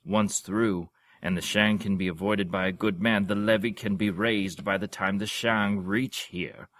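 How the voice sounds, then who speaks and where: A man's voice: on the low side, steady tone, unhurried, fairly bright tone. A man doing a roaring old warrior duke. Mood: serious. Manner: roaring, blunt. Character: gruff old burly duke, blustering warrior.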